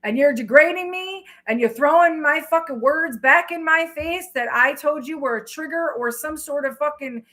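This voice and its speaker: A middle-aged woman hosting a tarot livestream, talking to her chat bluntly and emphatically with plenty of swearing. Her voice sits high and sounds bright and forceful. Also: normal speed, hardly any pauses, low-quality recording. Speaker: tarot reader. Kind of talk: casual livestream talk.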